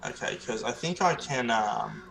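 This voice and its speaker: A man's voice: mid-range voice, expressive, measured pace, vocal fry, fairly bright tone, soft background music, poor audio. A man playing a tabletop role-playing game, giving short, tentative answers with some hesitation. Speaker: player. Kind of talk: casual play at a tabletop game.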